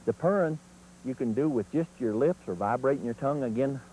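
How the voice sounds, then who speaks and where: A man's voice: mid-range voice, fast talker, dark tone, a little hiss or hum, low-quality recording. A man teaching turkey calling in an instructional video, in a folksy, plain-spoken way.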